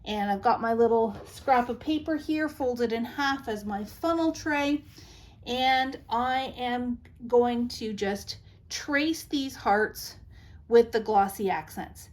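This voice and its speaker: A woman's voice: on the high side, takes it slowly. A middle-aged woman hosting a craft tutorial, chatty and reassuring as she gives practical tips step by step.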